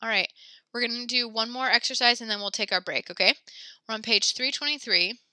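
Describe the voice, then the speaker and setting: A pregnant woman teaches a French lesson with a very bright, crisp voice. She is a little breathless, but she stays encouraging and patient. The recording is close and dry. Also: fairly high pitch, a little fast, dry recording. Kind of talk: online class instruction.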